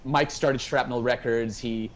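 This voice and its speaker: A man as a guest musician, telling a rambling, animated story in a casual interview from home over a video call. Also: mid-range voice, measured pace, low-quality recording. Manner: rambling, animated, acts out quoted dialogue.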